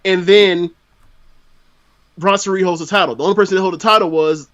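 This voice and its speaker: High-pitched and brisk, with a steady, somewhat bright tone, a Floridian podcast guest talks wrestling reviews casually. He's talkative, packs in fillers, and skirts around his points. The audio is dull.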